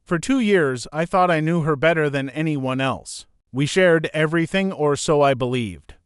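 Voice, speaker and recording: A man in his thirties reading a scripted first-person story in a measured, dramatic way with pauses. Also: on the high side, smooth, no room sound, studio quality. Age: 30s.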